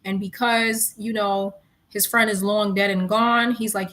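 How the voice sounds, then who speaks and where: A young woman from New York with a New York accent, chatting casually and retelling a story in slangy, animated talk with frequent laughs. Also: mid-range voice, measured pace. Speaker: streamer. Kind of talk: casual chat.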